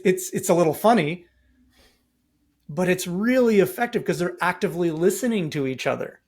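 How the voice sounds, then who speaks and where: A man's voice: fairly high pitch, darkish tone, breathy edge. A middle-aged man from Canada, a podcast interview guest speaking emphatically with many rhetorical questions.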